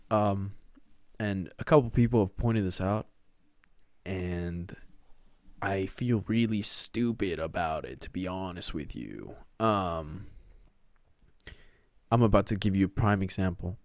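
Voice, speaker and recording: A man's voice: sits low, takes it slowly, pauses often, darkish tone, no echo. Young Texan man rambling casually, dry sound. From Texas. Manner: rambling, slangy, keeps saying dude and man; slips into a put-on showy voice. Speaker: podcast host. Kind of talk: solo casual monologue. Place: his own room.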